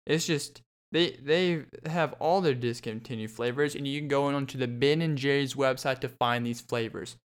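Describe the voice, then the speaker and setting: Alone at his podcast mic, a young man rambles loosely through a solo monologue, joking his way along with lots of ums and restarts. His smooth, clear voice sits in a middle pitch, and he talks at normal speed with hardly any pauses.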